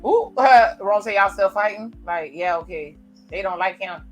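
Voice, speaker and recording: A woman's voice: medium pitch, expressive, normal speed, soft background music. A woman giving chatty, casual reaction commentary on a TV episode as she watches it. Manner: chatty, reacts aloud while narrating scenes. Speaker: reaction video host.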